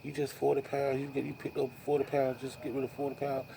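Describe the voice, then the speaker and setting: A man's voice: mid-range voice, monotone, fast, creaky, background noise, pitched above the performer's own voice, natural voice. A man mimicking his nagging wife. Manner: insistent, repetitive.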